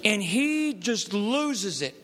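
A counselor tells stories to a live audience, animatedly acting out the people in them. His voice sits high and he speaks slowly, with a long reverb tail.

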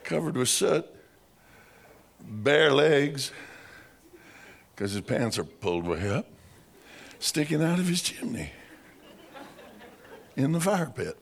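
A man preaching by telling a dramatic story, slow and vivid, acting out sounds and voices. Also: on the high side, sing-song, vocal fry, slightly rough. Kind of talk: storytelling sermon.

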